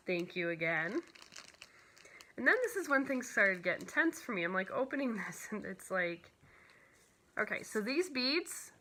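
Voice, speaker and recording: Chatty, gushing woman with a bright voice. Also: mid-range voice, slight background noise. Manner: chatty and gushing, fillers like "like" and "you know"; emotional, near tears at times. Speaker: cross-stitch vlogger. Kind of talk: casual show-and-tell chat.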